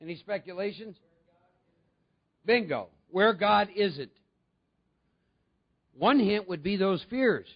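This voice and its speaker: High, gravelly man addressing a meeting. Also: animated, takes it slowly, pauses often, dull audio. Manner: conversational, asks the audience questions. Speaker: recovery speaker. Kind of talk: talk to a recovery meeting.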